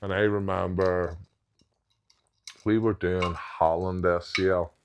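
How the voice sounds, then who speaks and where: A man's voice: low voice, steady tone, slow pace, smooth. A man, a professional strongman guest on a podcast, telling anecdotes in casual chat and acting out what others said. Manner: anecdotal, quotes others in retold dialogue.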